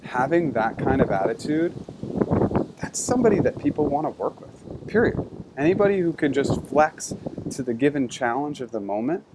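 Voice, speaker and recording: This man speaks at medium pitch with a sing-song lilt and moderate pace over a very noisy background. As a career coach, he walks through numbered points in a conversational, structured talk on interviewing.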